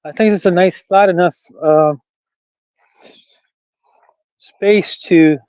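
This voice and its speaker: A man's voice: high voice, steady tone, slow pace, a little mellow, clear, resonant tone, no room sound, muffled recording. A middle-aged man vlogging casually outdoors on a rural trail, rambling and chatty and laughing at his own jokes. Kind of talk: casual walking vlog.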